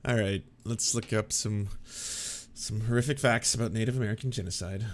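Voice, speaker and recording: A man's voice: lowish voice, normal speed. A man hosting a reaction video, swearing in exasperation and reading passages aloud. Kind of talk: profane reaction commentary.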